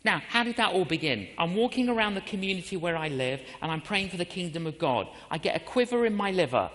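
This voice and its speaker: A man preaching a storytelling sermon, animated, acting out the voices and inner prayers in his story. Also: high-pitched, quick pace, long reverb tail, a little hiss or hum. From England.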